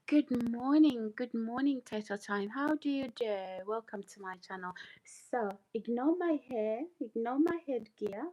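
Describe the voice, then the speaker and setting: Slow-talking woman chatting on a live stream. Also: fairly high pitch, expressive, mellow, rough recording. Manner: chatty, repeats greetings, reads out viewer comments. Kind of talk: casual live stream chat. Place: home, early morning.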